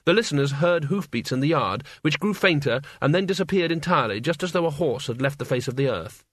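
A man narrating a story aloud in an expressive, wry reading. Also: a little high, a little fast, breathy edge, no echo, clean studio sound. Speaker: audiobook reader. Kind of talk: scripted narration.

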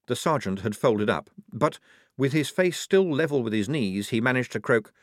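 A man with a fairly low voice narrates an audiobook from a script, telling the story in a measured yet expressive way. The studio recording is clean, with no room sound.

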